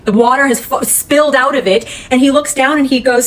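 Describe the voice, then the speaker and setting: Woman going off about a case, rapid, blunt, swears a lot. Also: high-pitched, steady tone, rough recording. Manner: blunt, heated, heavy swearing. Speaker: true crime commentator. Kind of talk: casual retelling of a case.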